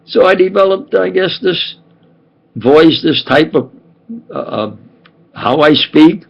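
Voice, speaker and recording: An older man with a New York accent talks in an emphatic, digressive monologue, circling back and repeating himself. His voice is gravelly and raspy, sitting a little high. The home recording sounds dull and lo-fi. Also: expressive, a little slow. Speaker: self-styled scientist and preacher. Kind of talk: rambling monologue.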